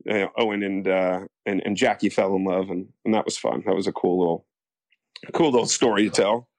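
A low-voiced American actor speaks briskly, with no room sound, while telling stories in a casual interview. He rambles in an animated way, restarting a lot and acting out quotes.

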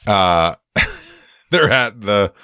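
A man's voice: lowish voice, animated, very slow, creaky, pushed and bright, smooth, no echo, clean studio sound. A man co-hosting a podcast in casual chat, rambling and hesitant with many fillers. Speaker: podcast co-host. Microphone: podcast microphone.

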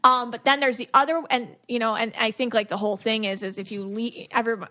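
An animated young woman chats on a podcast, her voice sitting a little high. She talks freely with plenty of fillers and keeps acting out what other people say. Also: fast talker. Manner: animated, acts out quoted voices, many fillers. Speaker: podcast co-host. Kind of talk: casual chat.

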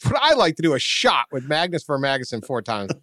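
Animated storytelling man, lively pitch. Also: fairly quick, no echo, studio quality. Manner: animated storyteller, gets louder and higher when excited. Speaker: podcast co-host. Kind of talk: casual chat.

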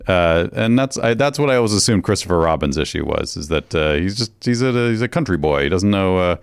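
A man's voice: low-pitched, expressive, brisk, gravelly, smooth, no echo, clean studio sound. A man co-hosting a podcast, chatting in an easygoing way and chuckling often. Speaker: podcast co-host. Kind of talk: casual chat.

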